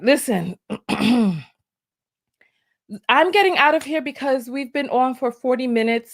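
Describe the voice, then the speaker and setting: A woman hosting her own livestream show, talking in a casual, colloquial and sassy way to her viewers. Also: a little high. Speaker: show host.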